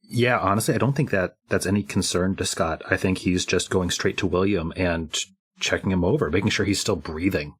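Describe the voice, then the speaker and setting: A man's voice: low voice, a little fast, breathy edge. A man playing a tabletop game, thinking aloud casually about his character's actions. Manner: thinking aloud, hesitant fillers. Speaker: player.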